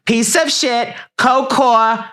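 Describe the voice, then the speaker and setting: A man doing a comic impression of a brash woman from reality TV, shrill and mocking. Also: steady tone, slow pace, bright, forceful tone, full character voice.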